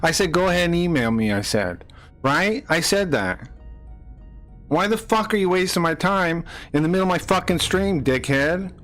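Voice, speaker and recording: A man's voice: high-pitched, animated, moderate pace, soft background music. Angry profane man ranting at his chat. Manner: angry, profane, repeats himself, rising to shouts. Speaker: streamer. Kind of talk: heated live-stream rant at chat.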